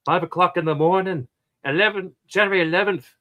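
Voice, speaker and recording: A man's voice: high voice, fairly quick, sharp tone. A man who is a podcast guest, chatting and then reading a short story aloud.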